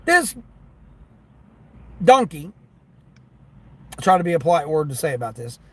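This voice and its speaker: A man's voice: on the high side, lively intonation, fairly quick, darkish tone, breathy edge, no echo. A man livestreaming while driving for delivery apps, chatting casually and complaining about customers who don't tip. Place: in a car.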